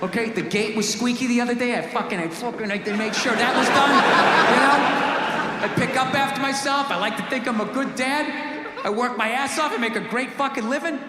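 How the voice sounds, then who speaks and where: A man's voice: very high-pitched, fairly quick. A middle-aged man doing a profane, ranting stand-up routine on a club stage, acting out characters along the way. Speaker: stand-up comedian. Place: comedy club stage before a live audience. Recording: live club recording with loud crowd noise.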